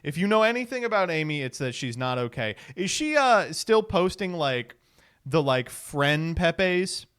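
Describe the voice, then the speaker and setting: A man's voice: fairly high pitch, very animated, measured pace, a bit bright, clean tone. A man hosting a stream, casually commenting on clips with a sarcastic tone, frequent laughter and free swearing. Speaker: streamer host.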